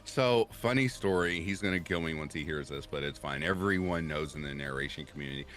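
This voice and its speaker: Deep-voiced man hosting a casual stream. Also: fairly quick, fairly bright tone. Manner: chatty storyteller, laughs easily. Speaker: livestream host and story narrator. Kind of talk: casual livestream chat.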